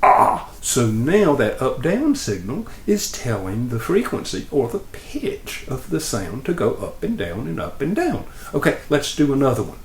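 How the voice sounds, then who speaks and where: Patient man teaching with lively pitch swings. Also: moderate pace, few pauses, roomy sound, slight background noise. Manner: patient, plain explanations with lively ups and downs. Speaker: instructor. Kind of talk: demonstration lesson.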